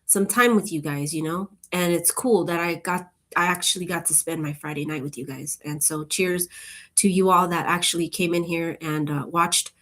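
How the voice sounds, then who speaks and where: A woman chatting casually with her viewers, rambling from one thought to the next in a relaxed, upbeat way. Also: fairly low pitch, moderate pace. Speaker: channel host.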